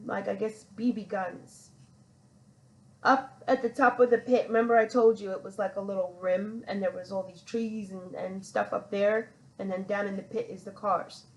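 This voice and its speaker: A woman's voice: medium pitch, steady tone, normal speed, poor audio. A woman hosting a podcast, telling a personal story in a rambling, chatty way and calling herself "your girl". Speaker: podcast host.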